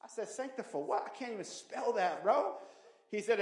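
Animated man preaching his testimony, echoey hall. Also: sits high, normal speed. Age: 30s. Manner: street slang, animated storytelling with acted quotes. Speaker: testimony speaker.

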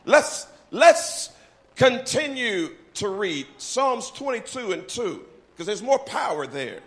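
A man preaching a sermon to his church, swinging from quiet talk to shouted, half-sung lines. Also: extremely high pitch, big pitch swings, slow pace. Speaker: pastor. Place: church sanctuary.

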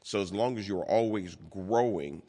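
A man preaching a sermon as pastor, deliberate and repeating key words for emphasis. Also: lowish voice, mellow. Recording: long hall reverb.

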